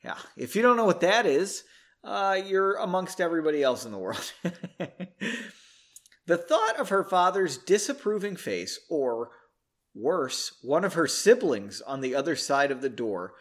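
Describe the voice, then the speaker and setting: A man's voice: a little high, very animated, measured pace. Joking man reading a story aloud. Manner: joking, self-deprecating, chuckles often. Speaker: podcast host reading a story. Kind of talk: casual story reading with chatty asides.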